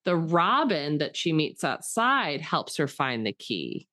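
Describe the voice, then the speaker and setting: A chatty woman with a fairly low voice co-hosts a casual podcast. She rambles, leaning on fillers, and turns emotional and enthusiastic as she talks. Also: very animated, slow pace, bright, forceful tone. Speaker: podcast co-host. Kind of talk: casual chat.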